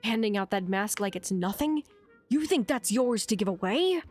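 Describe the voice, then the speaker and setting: A woman voicing a stern male gang boss, sharp and scolding. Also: mid-range voice, lively intonation, moderate pace, faint music behind, lightly acted. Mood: angry.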